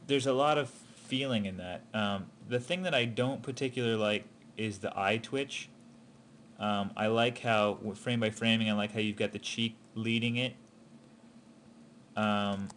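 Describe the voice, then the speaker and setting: A man's voice: mid-range voice, unhurried, a bit bright, a little hiss or hum. A man giving an animation student casual, encouraging feedback, hesitating with frequent ums and restarts. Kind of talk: casual spoken critique.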